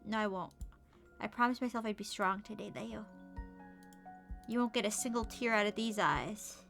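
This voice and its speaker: A young woman streaming a game, chatting playfully and gushing over cute outfits, sometimes dropping to soft whispers. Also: mid-range voice, moderate pace, gravelly. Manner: slips into soft whispers and mutters. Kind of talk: casual gameplay commentary. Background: game music.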